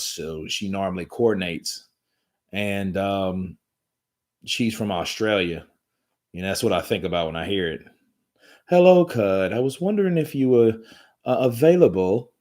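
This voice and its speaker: A man hosting a live boxing commentary stream, talking in a rambling, profane, joking way from home. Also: sits low.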